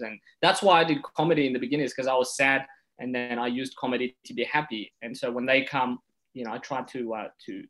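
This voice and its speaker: Guy comedian on a podcast, animated storytelling, does the voices. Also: mid-range voice. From Ethiopia. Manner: animated storyteller, acts out quotes. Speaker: comedian guest.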